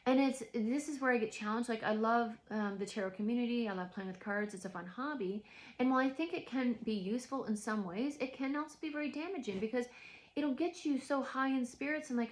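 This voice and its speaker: A woman's voice: on the high side, moderate pace. A woman vlogging from home in a reflective, rambling monologue, full of restarts and filler words.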